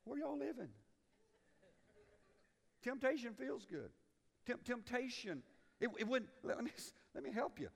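A man's voice: very high voice, expressive, unhurried, creaky, pauses often, in a large hall. A man preaching a sermon as pastor, folksy and teasing the congregation, acting out quotes. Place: church sanctuary.

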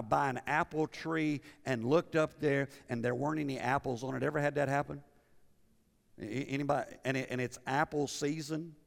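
A man's voice: medium pitch, creaky. A middle-aged man preaching a sermon in a conversational way, asking his listeners questions and often restarting his words. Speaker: pastor. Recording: reverberant hall.

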